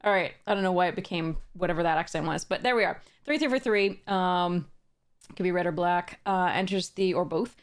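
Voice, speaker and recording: A woman's voice: on the low side, brisk, smooth. A woman hosting a casual box-opening video, reading card text aloud, chuckling often and restarting her sentences. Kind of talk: casual unboxing narration.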